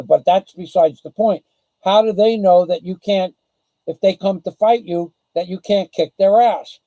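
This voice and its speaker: A man's voice: high voice, mellow, no room sound, low-quality recording. A man hosting a casual livestream, talking bluntly and boastfully in a rambling way. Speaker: livestream host. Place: the Philippines.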